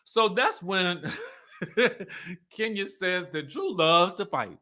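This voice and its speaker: Bright, high-voiced man recapping reality TV. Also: slow pace. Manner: animated, chatty, acts out quotes. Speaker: YouTube host. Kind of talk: casual TV recap commentary.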